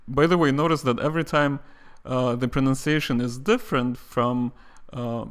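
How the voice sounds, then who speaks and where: Middle-aged Russian-accented man, patient language teacher, models sounds slowly for learners to repeat. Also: medium pitch. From Soviet Union. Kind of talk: online language lesson.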